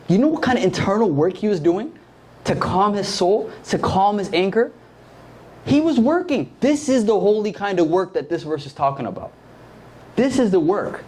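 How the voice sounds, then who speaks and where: A man's voice: high-pitched, animated, moderate pace, darkish tone. Slangy young man preaching to youth. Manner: conversational, slangy, quizzes the audience with questions. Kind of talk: casual sermon. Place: church service.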